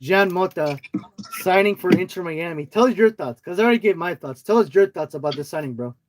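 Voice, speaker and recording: A man's voice: high-pitched, lively intonation, brisk. A man co-hosting a casual soccer podcast over an online call, often hesitating and restarting his phrases. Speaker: podcast co-host.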